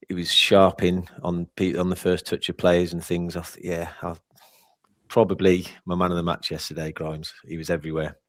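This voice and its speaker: A very deep male voice with an English accent, chatting about football on a casual podcast. He speaks plainly, often restarting his sentences and repeating himself. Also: little pitch movement, moderate pace, dry recording. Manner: plain-spoken, repeats himself, hesitant starts. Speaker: podcast co-host.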